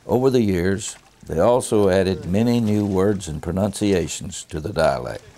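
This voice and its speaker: A man narrating a documentary in a measured, unhurried way. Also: deep voice, noisy background. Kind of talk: scripted narration.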